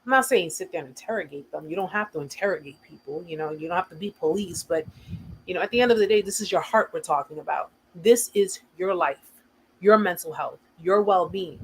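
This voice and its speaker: Her voice is lowish, brisk, and slightly rough, and the recording quality is low. She's an American woman hosting a casual livestream for survivor support, speaking earnestly and restating her points to drive them home.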